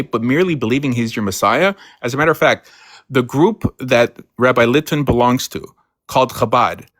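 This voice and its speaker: A man's voice: medium pitch, fairly bright tone, dry recording. Earnest man explaining, dry close sound. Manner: earnest, explains with many "you know" and "right". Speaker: guest. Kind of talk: casual live-stream discussion.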